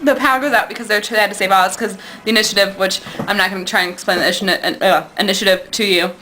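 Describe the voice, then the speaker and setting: A woman's voice: mid-range voice, steady tone, quick pace, bright, forceful tone, slight background noise, low-quality recording. A woman rambling to the camera in a casual vlog, gushing and giggly, and acting out quoted lines in bouncy voices. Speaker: vlogger.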